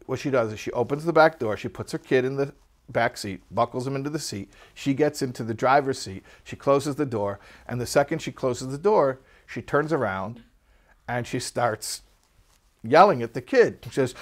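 A man teaching a religious text class, telling a story in a lively, anecdotal way and putting questions to his students. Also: medium pitch, normal speed. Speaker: Torah teacher.

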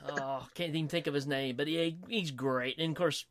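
A man chatting casually as a podcast co-host, animated and laughing, acting out quotes from films. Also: fairly high pitch, normal speed, dry recording, clean studio sound. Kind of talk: casual chat about comedy films.

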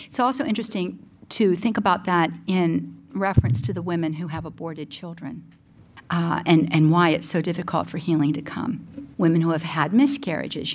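A woman's voice: on the low side, darkish tone, slight background noise. A middle-aged woman, a Christian speaker, telling a personal testimony in an earnest, emotional storytelling manner.

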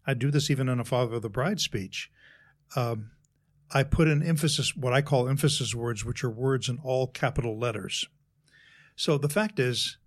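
A speechwriter with a mid-range voice speaks in a measured, explanatory manner during a conversational interview, walking through worked examples.

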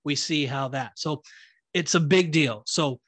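A man's voice: on the high side, a little slow, fairly bright tone, breathy edge, dry recording. Easygoing man explaining scripture. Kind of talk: casual chat.

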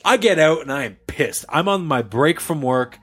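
A man's voice: on the high side, moderate pace, breathy edge. A man telling a story in casual chat with friends, swearing and acting out the voices of the people in it. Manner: animated, swears a lot, acts out voices. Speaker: podcast host telling a story.

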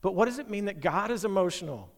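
A man's voice: high voice, expressive, fast talker, creaky, big-room sound. A male pastor preaching a conversational sermon, asking his listeners many questions.

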